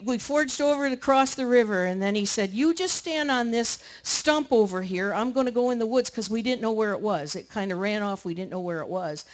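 A woman speaking at a camp meeting, telling a rambling, colloquial story to a live audience. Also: medium pitch. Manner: chatty, rambling, colloquial with many restarts.

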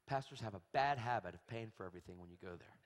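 A man preaching a sermon, telling a story with animated energy and acting out the people in it. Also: fairly low pitch, quick pace. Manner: animated storytelling, acts out voices, shrieks in quotes. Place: large church hall. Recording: long hall reverb.

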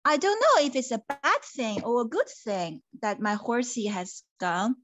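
A woman voicing a calm, gentle old man in a children's puppet story, with a soothing, unhurried manner. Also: a little high, no echo, voice pushed down.

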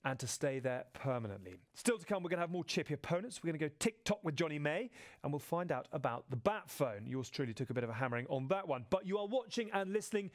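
A podcast host giving a scripted link between segments in an upbeat presenter style. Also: male voice, on the high side, sing-song, quick pace.

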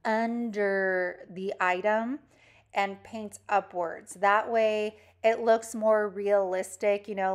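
A young woman in a relaxed, unhurried DIY craft voice-over, talking to her viewers like friends. Her voice sits at an ordinary middle pitch and she takes her time over every step. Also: clean tone. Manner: chatty, addresses viewers directly. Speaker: DIY craft channel host. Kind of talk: casual craft tutorial voice-over.

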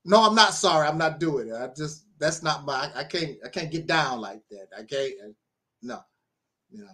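A man's voice: on the high side, lively intonation, normal speed, pushed and bright. A man preaching in a livestream monologue, talking emphatically, laughing often and repeating himself. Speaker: self-styled minister.

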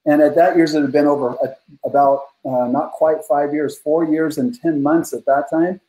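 This man in his fifties speaks with a soft, mellow tone that sits slightly high for a man. He is an earnest podcast guest with a few "uh" fillers. The recording has a noticeably echoey room sound. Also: fairly even intonation, moderate pace. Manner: heartfelt, earnest, frequent "uh" fillers. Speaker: guest, leadership coach. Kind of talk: podcast interview storytelling.

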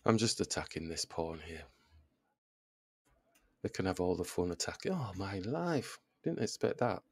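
With a low voice at normal speed, a man who makes chess videos thinks aloud through each move in casual commentary. He's self-deprecating, groaning at his mistakes, and the recording is clean studio sound with no room sound.

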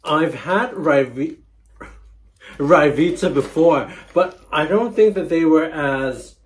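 Slow, easygoing man host. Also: on the high side. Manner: unhurried, hesitant, trailing off. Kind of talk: casual chat.

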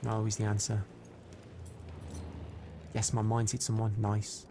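A man giving live commentary over his own gameplay, excitable and prone to loud frustrated outbursts, chatting with his viewers between rounds. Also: lowish voice, unhurried, noisy background. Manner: chats to viewers and reads out their comments. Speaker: live streamer.

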